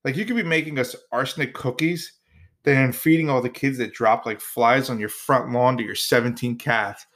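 A man's voice: medium pitch, moderate pace, fairly bright tone. A man hosting his own podcast, talking alone in a jokey, rambling way with playful asides. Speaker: podcast host. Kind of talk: casual solo podcast monologue.

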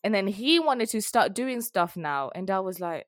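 A young woman, telling a story in a frank, animated way while chatting as a podcast co-host. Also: medium pitch, fairly quick, few pauses, no echo, studio quality. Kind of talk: casual chat.

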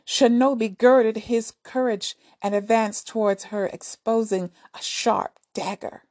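A woman narrating a folk tale in a soft, deliberate storytelling manner. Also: fairly high pitch, steady tone.

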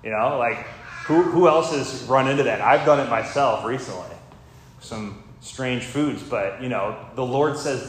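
A man delivers a relaxed, unhurried sermon, talking the way he would in conversation and wandering into side stories. His voice rings out through a heavily reverberant room, with a faint hum of ambience underneath. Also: mid-range voice. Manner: conversational, rambling with fillers and asides. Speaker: preacher.

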